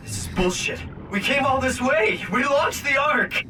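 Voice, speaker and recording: An actor playing an outraged, panicked young man in a video game, shouting. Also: very high voice, animated, measured pace, slight background noise, heavily acted. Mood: furious. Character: angry, panicked young man left behind.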